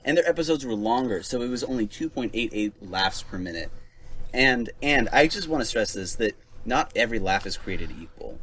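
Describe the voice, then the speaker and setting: A man co-hosting a casual podcast, talking in a measured way and reading out figures. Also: medium pitch, animated, fairly bright tone, low-quality recording. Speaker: podcast co-host. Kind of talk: casual chat.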